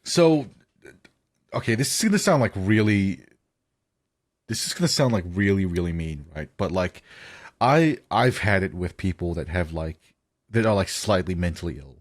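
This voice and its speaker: A young man with a lowish voice talks through a story in loose podcast chat. He piles up fillers and chuckles, and the sound is close and dry. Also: lively intonation, normal speed, pauses often, dry recording. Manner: rambling, heavy with "like" fillers, giggly. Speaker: podcast co-host. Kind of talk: casual chat.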